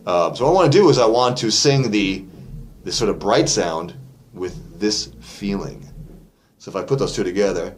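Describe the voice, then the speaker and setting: A man's voice: fairly low pitch, lively intonation, normal speed, a little hiss or hum. A man teaching a casual singing lesson as a vocal coach, explaining technique in a chatty way with fillers. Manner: demonstrates sung vowels and cartoon voices between explanations. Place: vocal studio.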